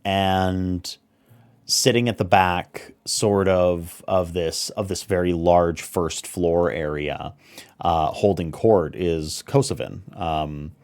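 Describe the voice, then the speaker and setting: A man narrating as game master of a tabletop role-playing game, relaxed with lots of fillers. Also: deep voice, takes it slowly, clear, resonant tone. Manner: relaxed, many fillers and restarts.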